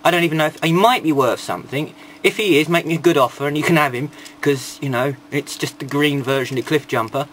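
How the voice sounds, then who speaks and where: A man's voice: on the high side, fast talker, a bit bright, slight background noise. A man giving a casual toy review, rambling, with irreverent and sarcastic asides.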